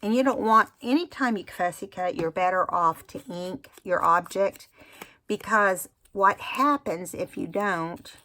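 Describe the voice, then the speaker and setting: Slow, chatty woman with a low voice. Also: sharp tone. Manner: chatty, rambling, self-admittedly unhurried. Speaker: craft tutorial host. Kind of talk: casual craft demonstration.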